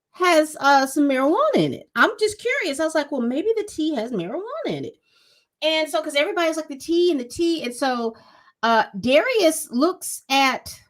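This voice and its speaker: Lady chatting through a tv recap, lively up and down voice, kinda high. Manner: animated storytelling, acts out quotes. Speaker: TV recap vlogger. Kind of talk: casual episode recap.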